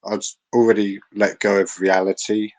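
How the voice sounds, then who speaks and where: An English man with a blended southern and northern accent talks in a loose, rambling way. He keeps circling back with fillers and false starts. His voice sits slightly low. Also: level tone, moderate pace, low-quality recording. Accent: mixed English, southern with a northern twang. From England. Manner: rambling, many fillers and restarts. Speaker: guest. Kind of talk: casual chat on a live audio space.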